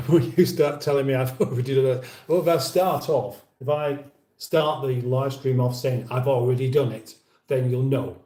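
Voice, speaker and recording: Warm and measured, a medium-pitched male voice hosts an easygoing live chat. He reads viewers' comments out loud, drifts and breaks off mid-thought with dry jokes, and is picked up by a distant mic in an echoey space.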